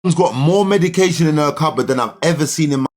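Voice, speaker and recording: A man's voice: on the high side, fast. A young man, ranting heatedly at commenters on a livestream in slangy, argumentative talk.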